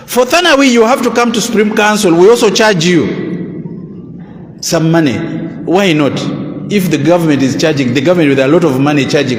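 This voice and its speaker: A Ugandan man with a notably high voice delivers a preachy public address. He keeps posing rhetorical questions and answering them himself. His voice rings through a roomy hall with a long, echoing tail. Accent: Ugandan English. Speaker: religious council official. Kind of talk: public address to a Muslim audience. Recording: echoey hall with long reverb.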